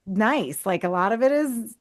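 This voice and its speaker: A woman's voice: mid-range voice, lively intonation, a little slow. A woman co-hosting a horror podcast in casual chat, talking loosely with lots of "like" and "you know". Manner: chatty, many fillers like "like" and "you know". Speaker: podcast co-host.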